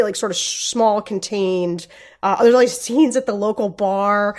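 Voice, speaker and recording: An enthusiastic woman hosting a podcast, retelling a film she loved in a quick, lively way. Her voice sits a little high. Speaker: podcast host. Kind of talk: casual podcast chat.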